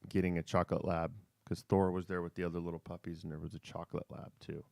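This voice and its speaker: Middle-aged male host, very deep and dry, easygoing, playful teasing banter. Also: flat delivery, fast talker, vocal fry, a little mellow, dry recording. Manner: laid-back, joking and teasing. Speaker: host, father of his co-host. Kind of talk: casual family live chat.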